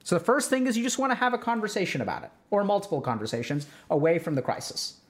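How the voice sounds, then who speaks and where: Chatty advice-giving man, higher voice. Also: sing-song, fast. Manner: conversational, full of "like" and "right?" check-ins; breaks into role-played example dialogue. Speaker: podcast host giving relationship advice. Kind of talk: explanatory advice talk.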